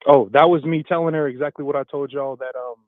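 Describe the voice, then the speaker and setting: A man calling in to a talk show, hesitant and halting, full of fillers. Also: mid-range voice, fairly even intonation, dry recording. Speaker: caller. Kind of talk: phone-in call. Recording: tinny phone line.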